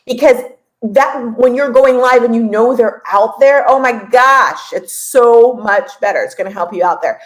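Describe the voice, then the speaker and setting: A woman in her forties hosting a casual podcast and coaching listeners, chatty and lively, often laughing and repeating points for emphasis. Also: on the high side, low-quality recording. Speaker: podcast host and business coach.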